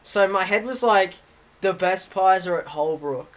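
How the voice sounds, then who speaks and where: A man's voice: sits high, a little slow, fairly bright tone. A young man with an Australian accent casually telling rambling stories on a livestream, swearing freely and laughing at himself.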